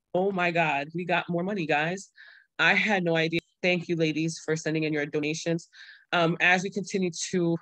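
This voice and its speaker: A woman's voice: deep voice, a bit bright, dry recording. Young woman host, casual earnest livestream talk, dry close sound. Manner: earnest and pleading, then overjoyed. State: pregnant. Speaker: show host.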